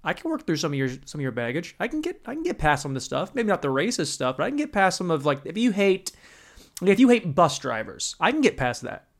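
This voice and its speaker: A man's voice: high-pitched, sing-song, fast, gravelly. A young man hosting a podcast, ranting in a crude, sarcastic, rambling comedic style. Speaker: podcast host. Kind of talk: comedic rant.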